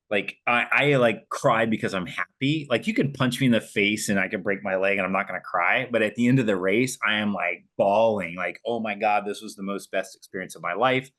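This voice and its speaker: A man co-hosting a podcast, telling stories in a lively, casual way and swearing freely. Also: on the low side. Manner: animated storyteller, swears casually. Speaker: podcast co-host. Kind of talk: casual chat.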